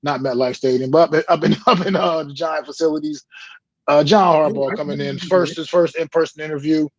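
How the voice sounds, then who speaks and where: A man's voice: on the high side, fairly even intonation, a little fast, darkish tone, dull audio. A man co-hosting a casual sports talk show, rambling and swearing before handing off a question. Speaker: podcast co-host.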